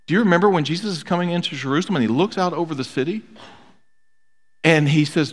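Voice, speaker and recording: A man's voice: on the high side, fast talker. A man preaching a sermon earnestly, often repeating words for emphasis. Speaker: pastor. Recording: long hall reverb.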